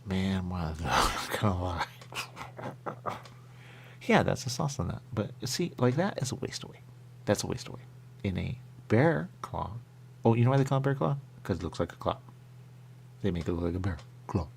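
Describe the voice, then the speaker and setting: A man's voice: sits low, big pitch swings, normal speed, vocal fry, a little hiss or hum. A man hosting a radio show, rambling playfully in casual chat while tasting pastries. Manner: rambling, playful, jumps between thoughts.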